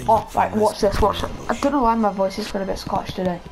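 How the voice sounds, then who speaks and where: A man giving excitable, chatty commentary over his own gameplay for viewers. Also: high voice, fast, gravelly, background noise. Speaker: gaming video creator. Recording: game sounds loud under voice. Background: gunfire and game announcer.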